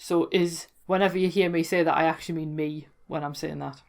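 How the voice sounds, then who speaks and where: A woman with a broad Geordie accent talks through local words in a casual, educational way. Her voice sits a little low for a woman. She is chatty and amused and often corrects herself partway through a sentence. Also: steady tone, a little fast, vocal fry, darkish tone. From North East England. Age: adult, worked in London before. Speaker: folklore blogger explaining dialect.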